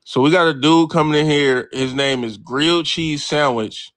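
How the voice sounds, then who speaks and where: With no echo, a man's fairly high voice comes through at normal speed as he hosts a late-night sports livestream. He banters brashly with chat, reading and replying to comments, animated and swearing freely.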